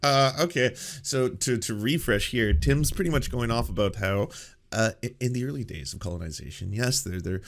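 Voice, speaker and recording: Sarcastic man, animated delivery. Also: mid-range voice, moderate pace, vocal fry. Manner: sarcastic, laughs often. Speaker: political commentary host. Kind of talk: casual reaction commentary.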